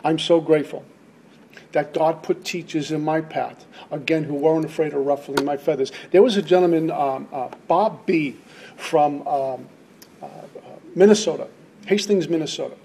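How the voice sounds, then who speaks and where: A man's voice: a little high, moderate pace, creaky, warm tone, slight background noise. A middle-aged man speaking at a recovery meeting, giving an emphatic, preacherly personal testimony and repeating lines for stress. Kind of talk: impassioned personal testimony talk.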